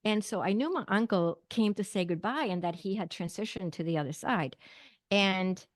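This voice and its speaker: A woman's voice: mid-range voice, normal speed, dry recording. Middle-aged woman telling a story. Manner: animated storyteller, acting out quoted dialogue, frequent fillers. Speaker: podcast guest. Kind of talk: personal storytelling in an interview.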